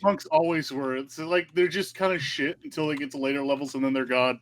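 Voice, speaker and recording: A man's voice: medium pitch, steady tone, brisk, crowd noise. A man chatting casually on a podcast, offhand and matter-of-fact. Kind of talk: casual chat.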